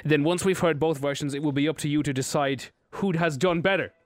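A man's voice: on the high side, brisk, noisy background. A young man with an Irish accent hosting a radio show, chatty, playful and self-deprecating. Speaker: radio host. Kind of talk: casual radio chat. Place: radio studio. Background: faint music bed.

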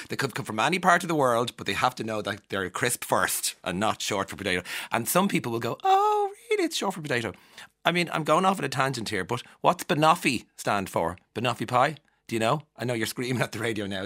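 A middle-aged Irish man hosting a radio show, telling chatty stories and acting out other people's voices with laughs. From Ireland. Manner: animated storytelling, acting out voices with big pitch jumps, laughs often. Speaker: radio host.

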